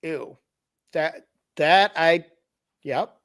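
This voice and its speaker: A man's voice: a little high, expressive, a little slow. A man hosting a podcast, casually telling a tabletop horror story with wry asides and explanations. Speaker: podcast host.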